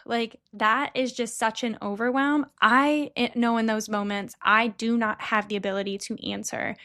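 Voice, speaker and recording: A woman's voice: fairly high pitch, fairly even intonation, unhurried, hardly any pauses. A woman co-hosting a podcast, explaining in an earnest, casual way. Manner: earnest, explanatory, drops to a soft gentle voice at times. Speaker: podcast co-host. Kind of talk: casual chat.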